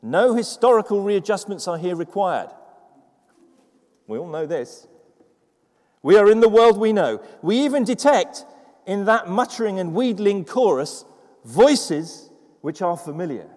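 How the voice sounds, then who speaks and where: A man, preaching a sermon as pastor, moving from quiet reflective passages to loud, fervent exhortation. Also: high-pitched, big pitch swings, unhurried, big-room sound. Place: church.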